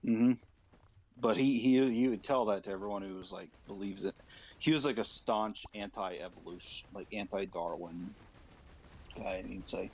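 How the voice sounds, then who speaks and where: A man's voice: on the low side, moderate pace, slight background noise. Rambling irreverent male streamer. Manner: rambling, irreverent, breaks into loud shouted impressions. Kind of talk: casual chat with put-on character voices.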